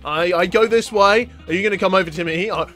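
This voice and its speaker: A man hosting a gaming channel, giving excitable let's-play commentary full of yelling and laughter. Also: sits high, fast, soft background music.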